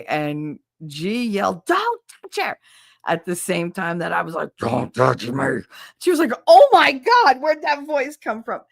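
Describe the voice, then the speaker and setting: A woman's voice: low-pitched, no room sound, clean studio sound. A woman with a son, hosting a stream and chatting casually and bluntly, swearing often and laughing a lot, on a desk mic on an arm. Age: adult with a son. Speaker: streamer and podcast host. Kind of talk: casual chat with live chat. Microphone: desk mic on a standing arm.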